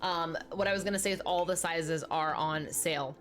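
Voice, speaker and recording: A woman's voice: fairly low pitch, normal speed, a bit bright, soft background music. A young adult woman streaming a life-sim game, chatting casually and talking straight to her viewers. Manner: chatty, talks straight to the chat and answers viewers by name.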